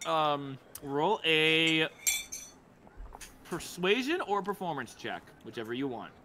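A man's voice: fairly high pitch, very animated, slow pace, noisy background. A man narrating a tabletop game as game master, talking casually and breaking off to laugh and try out character voices.

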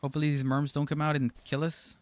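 Playful male streamer, fairly high voice. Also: little pitch movement, quick pace. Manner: playful, jokey, laughs often, mock-formal asides. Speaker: game streamer. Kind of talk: live gameplay commentary, reading chat.

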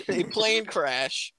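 Bright high-voiced teasing male streamer. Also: dry recording. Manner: joking, teasing friends. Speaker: live streamer. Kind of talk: casual gaming chat.

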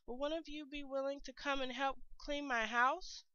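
A woman voicing a friendly, polite male hermit crab in a storybook, with a sweet, gently enthusiastic manner. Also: sits high, steady tone, moderate pace, no room sound, pitched above the performer's own voice. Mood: admiring. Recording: dull lo-fi recording.

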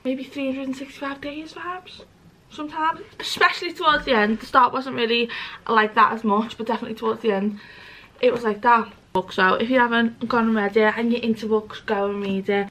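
A woman's voice: fairly high pitch, steady tone, brisk, fairly bright tone, low-quality recording. A young British woman chatting casually and rambling to camera, swearing freely. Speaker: vlogger. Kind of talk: casual vlog chat.

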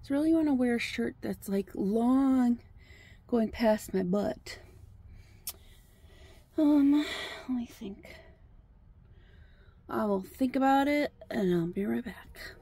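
A woman's voice: fairly high pitch, takes it slowly, pauses often, breathy edge. A woman chatting casually to the camera in a rambling vlog, partly outdoors by a lake. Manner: chatty and rambling, talks softly to a duck. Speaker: vlogger.

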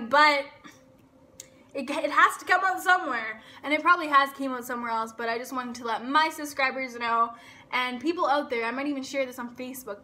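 A woman's voice: sits high, sharp tone. A young woman vlogging to her subscribers in a blunt, profane rant, peppered with filler words, recorded indoors on her camera mic. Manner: blunt and profane, heavy swearing; fast talk with lots of filler "like".

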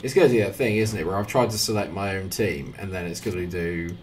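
A man's voice: sits low, fast, slight background noise. A young man with a southern English accent giving jokey, chatty commentary while playing a football game at home. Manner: jokey, chatty, excitable at goals. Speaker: gaming video host. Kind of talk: casual gameplay commentary. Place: home flat.

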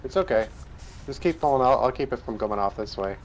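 A man in an everyday mid-pitched voice calmly guides his friend through a co-op truck game. Faint game noise hums behind his talk. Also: brisk, poor audio. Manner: calm and helpful, giving driving tips. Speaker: co-op gaming partner. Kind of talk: casual gameplay chat.

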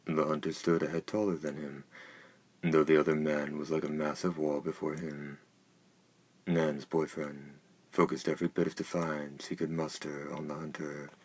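Very deep husky male narrator. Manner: steady, measured reading. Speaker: audiobook narrator. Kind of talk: scripted narration.

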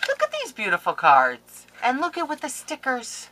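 A woman's voice: mid-range voice, wildly swooping pitch, moderate pace, hardly any pauses, pushed and bright, a little hiss or hum, low-quality recording. A woman scrapbooking vlogger opening a package on camera, gushing and playfully melodramatic in a casual chat. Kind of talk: casual unboxing vlog.

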